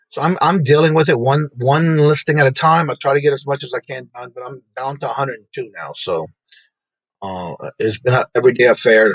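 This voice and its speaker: Guy hosting a live stream, kinda husky, dry close sound, says hi to everyone in chat. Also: mid-range voice, normal speed, no room sound, poor audio. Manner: greets chat viewers by name, laughs often. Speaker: livestream host.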